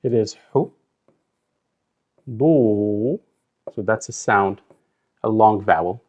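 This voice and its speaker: A man teaching a language lesson, slowly repeating words and breaking them into drawn-out syllables. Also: fairly low pitch, muffled recording. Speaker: Arabic teacher. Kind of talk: slow instructional explanation.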